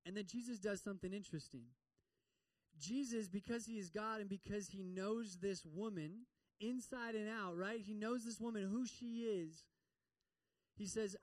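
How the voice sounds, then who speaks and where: A man's voice: sits high, a little mellow, no room sound, far from the mic, poor audio. A man preaching a sermon in a church, telling a story and acting out the voices of its people. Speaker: pastor.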